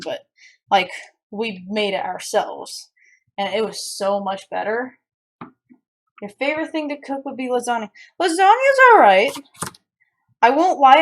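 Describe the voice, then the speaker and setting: A young woman with a fairly high voice chats casually while she cooks in her home kitchen. She rambles from one thought to the next and often restarts her sentences, talking easily to her viewers. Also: background noise. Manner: chatty and rambling, with frequent restarts. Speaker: streamer. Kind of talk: casual chat while cooking and reading chat.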